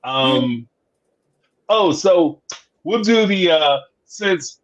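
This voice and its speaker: This host of a live reality TV review show chats casually on a live stream, spinning office anecdotes with lively energy, performing the dialogue, and laughing a lot. His pitch is fairly high and he draws out his words. The sound is lo-fi and a little dull.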